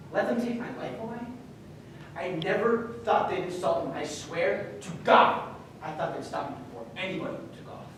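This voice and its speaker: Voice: mid-range voice, fairly bright tone, slight background noise, natural voice. A student acting out a cornered older businessman father who pleads and justifies himself. He is heard from far away in a heavily echoing room.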